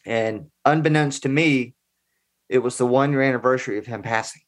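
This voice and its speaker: A man's voice: medium pitch, moderate pace. A man in his forties telling personal stories as a guest in a casual interview, in an earnest, conversational way. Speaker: podcast guest.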